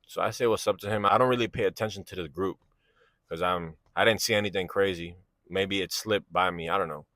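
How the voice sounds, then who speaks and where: A man's voice: deep voice, fairly quick, a bit bright, dry recording. A man, telling a personal story in a casual, slangy, rambling way and often asking "you know what I'm saying".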